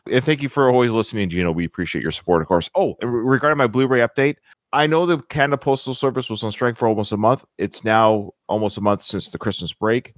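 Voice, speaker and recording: A man hosting a podcast talks in a chatty, rambling way and often pauses on "uh". His voice sits at a middle pitch for a man. The recording is close and dry, with no room sound. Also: no room sound. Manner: chatty, rambling, frequent filler "uh". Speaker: podcast host. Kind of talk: casual podcast chat.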